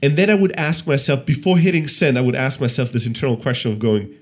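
A man co-hosting a casual business podcast, telling stories with lively acted-out quotes. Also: medium pitch, quick pace. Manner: animated storyteller, acts out quotes. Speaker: podcast co-host.

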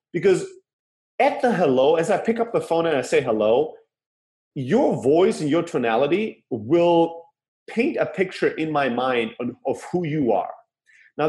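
Male sales coach, animated and blunt, fairly high voice, roomy echo. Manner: animated, emphatic, casual with swearing. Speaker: sales instructor. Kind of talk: informal teaching talk.

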